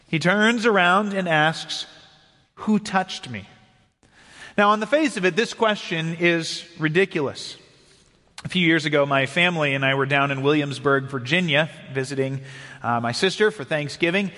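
A man preaching a sermon as a pastor, earnest and measured, slowing down for emphasis. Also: high voice, a bit bright, long reverb tail.

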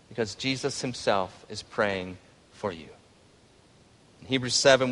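A male pastor preaching a sermon, swinging from hushed reflection to loud, pleading cries. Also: on the high side. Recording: long hall reverb.

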